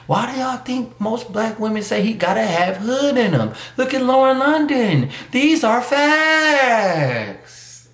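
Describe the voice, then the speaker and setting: A man's voice: very high-pitched, very animated, takes it slowly, fairly bright tone, echoey room. A man giving a casual, emphatic opinion monologue, full of street slang and mocking asides. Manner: emphatic, slangy street talk with mock voices. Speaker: YouTube commentator.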